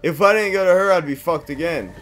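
A young man commentating on his horror game playthrough, swearing freely and reacting loudly to each turn. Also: a little high, a little fast, a little hiss or hum. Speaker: gameplay commentator. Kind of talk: let's play commentary.

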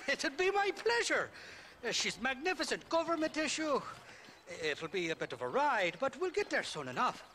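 A rough, boozy Irish drifter with a high, lilting voice that rises and falls a lot. He rambles on with a chatty, roguish charm, and a steady hiss of noise sits under the audio. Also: normal speed, heavily acted. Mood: grateful. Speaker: game character.

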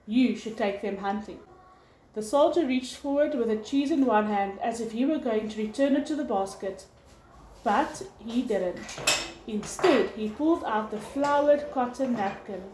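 A woman teacher reading a novel aloud in steady storybook narration. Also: fairly high pitch, moderate pace. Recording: echoey room with faint hiss.

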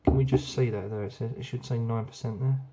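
A man's voice: mid-range voice, fairly even intonation, quick pace, warm tone, slight background noise. A young man chatting casually and enthusiastically while reviewing beers, rambling with plenty of ums. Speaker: beer reviewer. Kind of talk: casual beer review vlog.

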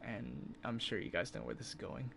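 Animated, swearing young man streamer. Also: medium pitch, moderate pace, vocal fry, slight background noise. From California. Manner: animated, swings into loud incredulous outbursts; swears freely, filler-heavy. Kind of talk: casual storytelling on a livestream.

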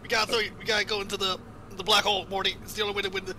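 A man's voice: sits high, little pitch movement, racing, bright, forceful tone, a little hiss or hum. A man voicing a frantic, rambling old male mad scientist who stammers and repeats himself in a rush.

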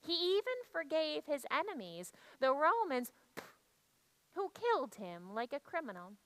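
In a hushed, reflective first-person dramatic monologue, a woman tells a church story. Her high voice is bright, clear and sing-song, a little slow, though the audio quality is poor.

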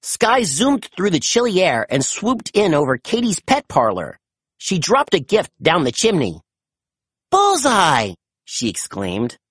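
A woman reading a children's storybook aloud, narrating gently and expressively. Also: on the low side, big pitch swings, unhurried, husky, no echo, clean studio sound.

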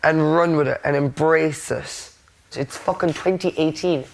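A man's voice: on the high side, unhurried, vocal fry. Blunt sweary reassuring man. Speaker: reality show contestant. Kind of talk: casual heart-to-heart chat.

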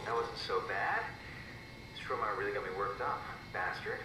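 A man's voice: lowish voice, normal speed, noisy background, natural voice. An actor playing a frightened man trapped in a simulation, pleading and repeating himself, heard as game audio. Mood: uneasy. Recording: roomy, distant game audio with ambience.

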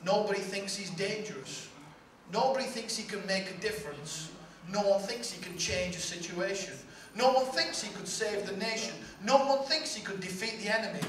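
Pastor preaching in an echoey hall. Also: male voice, high voice, a little fast, fairly bright tone, a little hiss or hum. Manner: emphatic, repetitive rhetorical build-ups. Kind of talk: preaching a sermon. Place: large church hall. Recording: echoey hall from far off, faint ambience.

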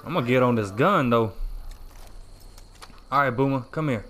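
A man giving casual, playful gameplay commentary while playing a video game, excitable and self-mocking. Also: medium pitch, moderate pace.

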